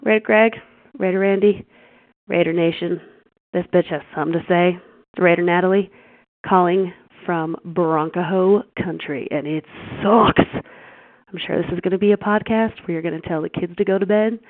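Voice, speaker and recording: A woman's voice: lowish voice, fairly even intonation, moderate pace, dry recording. A woman calling a fan podcast with an angry, profane rant. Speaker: caller. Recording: tinny phone line.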